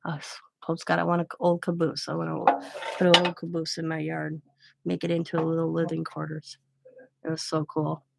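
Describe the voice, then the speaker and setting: A woman's voice: deep voice, completely flat delivery, brisk, gravelly, noisy background. A middle-aged woman telling a rambling personal story in a casual, chatty way while crafting, often correcting herself mid-sentence. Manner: chatty, rambling, with frequent self-corrections and laughs. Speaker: craft vlogger.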